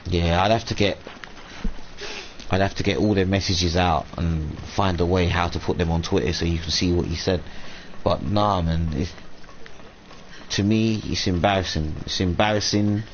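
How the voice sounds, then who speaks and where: A man's voice: low voice, normal speed. A man venting at length on a live stream, rambling and swearing as he quotes people in a raised voice. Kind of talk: casual live-stream rant. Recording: dull lo-fi stream audio, faint room hum.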